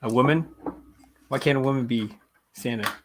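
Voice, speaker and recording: A man in a casual group chat, enthusiastic and halting, with frequent restarts. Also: mid-range voice. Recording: noisy line with clicks.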